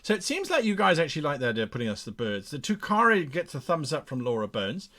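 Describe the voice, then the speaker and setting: A playful man hosting a game master live stream, reading viewers' ideas aloud as they come in. His slightly high voice swings up and down with lively energy. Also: fast talker, a crowd in the background. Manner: animated, reads chat aloud, playful.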